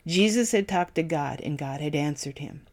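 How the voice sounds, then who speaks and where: Solemn, measured devotional reader. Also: medium pitch, lively intonation. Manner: measured, solemn, reciting scripture references. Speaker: devotional speaker. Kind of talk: scripted devotional reading.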